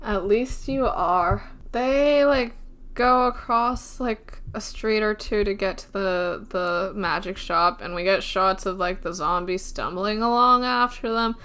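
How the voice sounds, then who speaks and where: Bright-voiced woman podcast co-host. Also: medium pitch, clean tone. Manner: thoughtful, analytical, quick to laugh. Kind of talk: casual chat recapping a TV episode.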